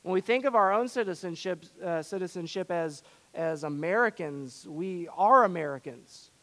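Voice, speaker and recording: A male pastor from the southern suburbs of Chicago preaching a sermon, swinging between loud emphasis and hushed passages. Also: high voice, animated, normal speed.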